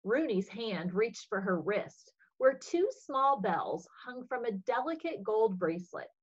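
A woman reading a children's story aloud for religious education, expressive and husky. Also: fairly high pitch, a little slow, dull audio.

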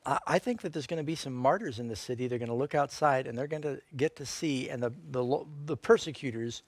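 Relaxed pastor, dry studio sound. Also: male voice, medium pitch, no echo. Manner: relaxed, halting, many fillers. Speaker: pastor and co-host. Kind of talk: unscripted Bible Q&A.

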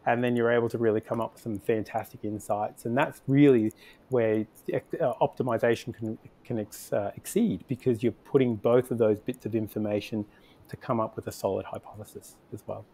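Male podcast guest, mellow warm tone, unscripted, plenty of restarts and fillers. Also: mid-range voice, fairly even intonation, a little fast. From Australia. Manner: thinks aloud with frequent restarts and fillers. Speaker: podcast guest, conversion optimization agency founder. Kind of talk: conversational interview answers.

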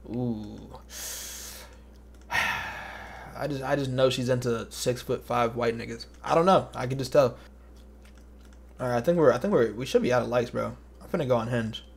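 A man's voice: mid-range voice, vocal fry. A young man streaming, chatting casually in slang with joking, muttered asides to his chat. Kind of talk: casual livestream commentary.

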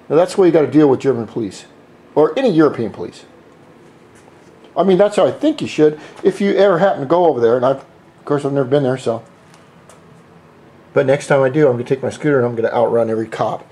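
Talking fast but with long pauses, this middle-aged American scooter hobbyist has a warm, expressive mid-range voice. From his workshop he vlogs a casual how-to, spray painting parts while rambling, joking and cussing without restraint.

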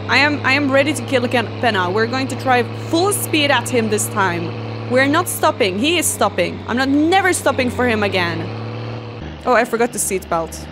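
A woman with a high voice chatting her way through a video game stream. She talks to the game and to herself as she plays, exclaims often and slips into playful drama. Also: animated, normal speed, noisy background. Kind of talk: casual let's-play commentary.

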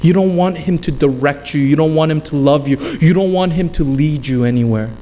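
Brisk and mellow, this slightly high-voiced male pastor preaches emphatically and repetitively, now and then easing into offhand stories. The sound echoes with long hall reverb, and faint noise sits in the background.

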